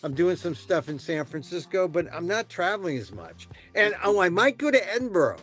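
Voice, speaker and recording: A middle-aged man hosting a casual satirical chat, joking in a deadpan way with quick restarts. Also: sits high. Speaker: podcast host.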